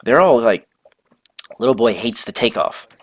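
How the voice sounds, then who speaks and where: A young man telling a story casually, animated and full of slang and swearing. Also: medium pitch, moderate pace.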